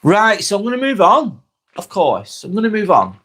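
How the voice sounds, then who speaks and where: An English man runs a casual live stream from a spare bedroom, reading comments, rambling, and repeating himself with lots of ums. Through his wireless clip-on mic, his high-pitched voice shows huge pitch swings at a moderate pace, fairly bright and slightly rough.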